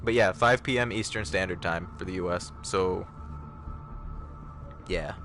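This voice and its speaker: Low-voiced chatty man streaming. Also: unhurried, a bit bright, faint music behind. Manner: chatty, self-mocking, reads chat aloud. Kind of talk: casual live-stream commentary while gaming.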